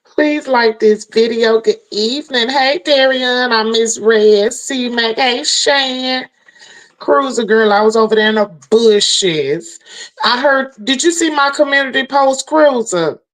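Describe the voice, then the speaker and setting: A woman's voice: on the high side, slow pace, rough recording. A woman hosting a livestream and telling her chat a story in a heated, profane rant, a little tipsy from drinking. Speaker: livestream host.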